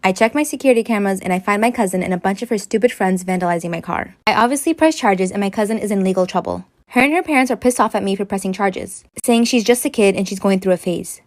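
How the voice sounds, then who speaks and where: A woman in her late twenties reading a first-person story aloud in a brisk, even telling. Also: medium pitch, no echo. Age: late 20s. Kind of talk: read-aloud storytime narration.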